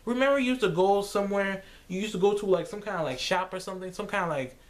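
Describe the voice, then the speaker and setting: A young man vlogging in a casual rambling monologue, animated, slipping into silly voices and laughing. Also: sits high, fast talker.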